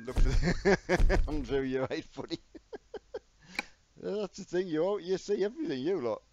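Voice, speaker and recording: A man's voice: a little high, lively intonation, slow. A middle-aged man, chatting casually and self-mockingly to viewers by name while live-streaming a game. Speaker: gaming streamer. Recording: dull lo-fi with loud truck game noise.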